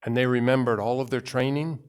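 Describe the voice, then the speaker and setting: A man's voice: medium pitch, steady tone, brisk, clean tone. A male pastor giving a conversational sermon, telling personal stories with asides and acting out quoted voices.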